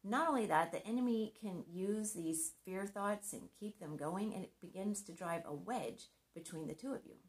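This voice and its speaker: A middle-aged woman giving a scripted devotional talk on marriage, earnest and conversational with gentle humor. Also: medium pitch, normal speed, hardly any pauses. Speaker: Christian marriage speaker.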